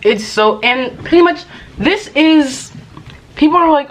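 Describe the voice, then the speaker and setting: A woman's voice: high voice, expressive, unhurried, slight background noise. A woman vlogging in casual chat, rambling and exasperated, talking while she eats.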